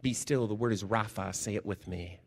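A man pastor preaching a sermon, telling stories with energy and dropping to hushed, slow tones for emphasis. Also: fairly low pitch, big-room sound.

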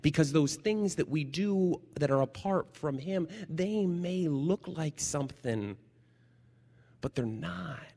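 A man preaching a sermon as a chaplain, lively and jokey, moving between loud bursts and hushed near-whispers. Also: fairly high pitch, unhurried, few pauses. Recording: long hall reverb.

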